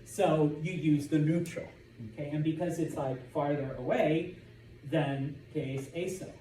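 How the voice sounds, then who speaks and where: Male language teacher, mellow voice, classroom lecture, distant mic with light room noise. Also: a little high, a little slow. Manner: lively, repeats "okay?" to check understanding. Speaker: Spanish teacher. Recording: echoey classroom from far off.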